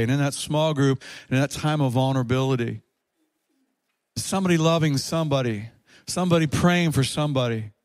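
A pastor with a fairly high-pitched voice preaches a sermon to his church, leading the congregation in call-and-response and driving points home through repetition.

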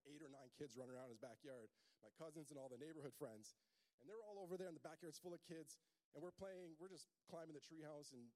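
A man's voice: a little high, darkish tone, poor audio. A young adult man preaching a sermon in a casual, conversational way, telling stories and acting out other people's voices. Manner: conversational, storytelling, acts out voices. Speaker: pastor.

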